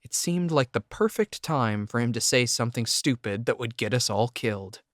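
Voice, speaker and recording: A man reading a first-person audiobook narration in a steady, measured way. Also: mid-range voice, no room sound, studio quality.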